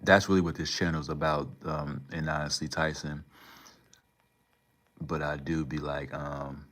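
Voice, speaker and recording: Very deep-voiced man rambling to his chat. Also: fairly even intonation, measured pace, fairly bright tone. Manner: rambling, slangy, talks back to chat. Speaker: livestream host. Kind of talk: casual livestream chat.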